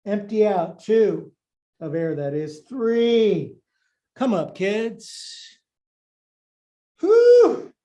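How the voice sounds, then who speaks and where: A man's voice: high-pitched, drawn-out words, dark tone, muffled recording. An older man teaching a live-streamed yoga class, giving upbeat, playful cues and counting through poses, sometimes out of breath. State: out of breath at times.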